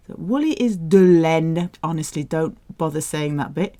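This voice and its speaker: A woman teaching French, speaking with slow, clear enunciation on the example phrases. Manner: lively jumps in pitch on example phrases. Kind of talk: audio language lesson.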